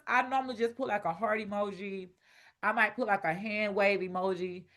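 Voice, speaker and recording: Playful, loud woman coaching casually. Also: on the high side. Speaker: online business coach. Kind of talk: teaching a masterclass.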